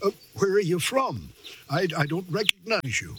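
A kindly older country doctor in a radio drama, with a fairly high voice that moves freely. He soothes and calms with old-fashioned turns of phrase. A faint hiss sits underneath. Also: moderate pace.

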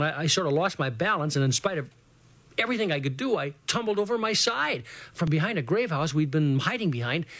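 Brief: male storyteller, higher pitch, earnest and lively, dry close recording. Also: dry recording. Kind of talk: reading a first-person adventure story.

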